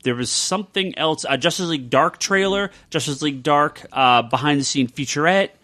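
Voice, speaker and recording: A man's voice: on the high side, normal speed, sharp tone. A man hosting a casual roundtable podcast, rambling with many ums and likes. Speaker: podcast host.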